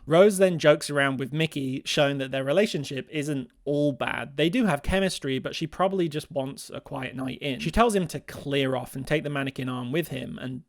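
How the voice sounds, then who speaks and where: A man narrates a scripted video essay in a playful, expressive manner and often laughs at his own jokes. His voice sits a little high and carries a gravelly, creaky texture. The recording is dry, with no room echo.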